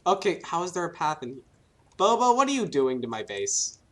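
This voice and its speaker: A man's voice: a little high, big pitch swings, fairly quick, fairly bright tone. Joking man playtesting his game mod. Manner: joking, teasing, laughs often. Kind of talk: casual gameplay banter.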